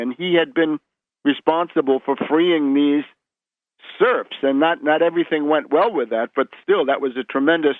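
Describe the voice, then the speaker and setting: A man's voice: on the high side, no echo. Emphatic man on a tinny phone line. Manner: emphatic lecturing, many repeated words and "right?". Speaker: guest historian. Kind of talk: radio interview.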